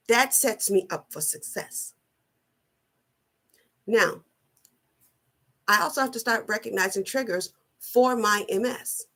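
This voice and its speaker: A middle-aged woman giving a personal motivational talk, slow, earnest and deliberate, often repeating her phrasing. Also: mid-range voice, sharp tone. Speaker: wellness vlogger.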